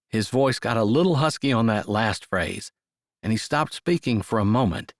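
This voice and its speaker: In clean studio sound with no room echo, a man with a lowish voice reads a romance audiobook. His scripted narration is steady and measured, in a storytelling manner.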